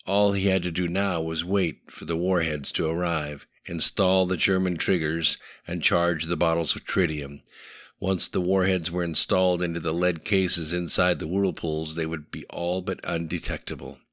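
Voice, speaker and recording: Man, audiobook narrator, very low voice, bright, steady storytelling, dry recording. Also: moderate pace, no room sound.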